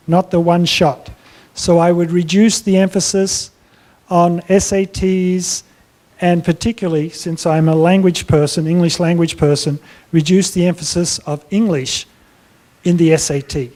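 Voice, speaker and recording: Mellow-voiced man answering conference questions. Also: high voice. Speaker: plenary speaker. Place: conference hall.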